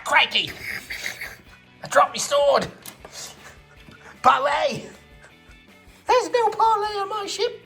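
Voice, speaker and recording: A man voicing a bossy, boastful cartoon pirate mouse while playing with toy figures at home. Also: a bit bright. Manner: shrill, gleeful, mock pirate bluster.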